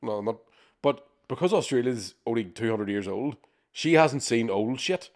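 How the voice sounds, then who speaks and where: A man co-hosting a podcast, telling animated, sweary anecdotes with acted-out quotes. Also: medium pitch, normal speed. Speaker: podcast co-host. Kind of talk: casual storytelling chat.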